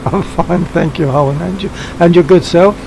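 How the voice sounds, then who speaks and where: A man's voice: a little high, moderate pace, vocal fry, background noise. An older man hosting a flight-sim stream, chatting genially with players and checking his setup, with old-fashioned greetings. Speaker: streamer and host. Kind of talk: casual game stream chat.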